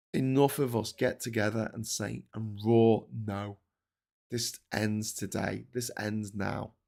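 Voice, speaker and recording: A man's voice: mid-range voice, creaky. A middle-aged man hosting a daily political news show, talking in a blunt, sarcastic, sweary ranting style with many fillers and restarts. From Britain. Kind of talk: casual ranting commentary.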